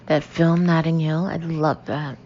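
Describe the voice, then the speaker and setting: A woman's voice: low-pitched, level tone, measured pace, a little mellow, muffled recording, a little hiss or hum. A woman voicing a brash, chatty young American woman shopper in an audiobook, blunt and emphatic.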